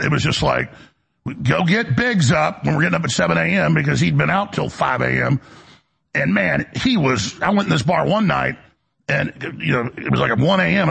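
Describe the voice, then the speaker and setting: A middle-aged man with a gravelly, raspy voice, hosting a heated, digressive political monologue. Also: on the high side, fairly bright tone. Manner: angry ranting, digressive, voice swings up when worked up. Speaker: talk show host.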